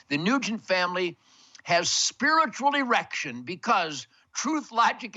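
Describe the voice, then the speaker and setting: On lo-fi audio, an older host holds forth from his home man cave in a rambling, emphatic monologue, bombastic and heavy on wordplay and big words. His voice is a little high, bright, and forceful.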